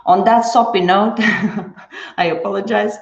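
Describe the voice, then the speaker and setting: A woman's voice: medium pitch, steady tone, unhurried. A woman dance teacher chatting on a live stream after class, bubbly and chatty, thanking viewers by name. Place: indoors at home. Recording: echoey room, dull lo-fi stream audio.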